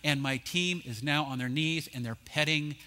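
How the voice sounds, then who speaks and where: A man speaking at a conference, telling animated anecdotes with jokes. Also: a little high, normal speed, heavy background noise. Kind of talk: storytelling talk. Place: conference stage.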